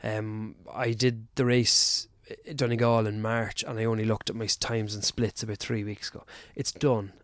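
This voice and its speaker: A man's voice: lowish voice, little pitch movement, normal speed, few pauses, no echo, studio quality. A man, a guest on a casual podcast, talking in a hesitant, self-deprecating way and often repeating himself. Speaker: podcast guest, endurance athlete.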